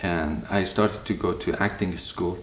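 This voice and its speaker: Man w telling his story, lowish voice, echoey kitchen, kinda intense. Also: steady tone, unhurried, slight background noise. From Iran. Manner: earnest, passionate, slightly broken English. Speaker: guest sharing testimony. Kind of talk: personal testimony, casual storytelling. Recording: echoey room.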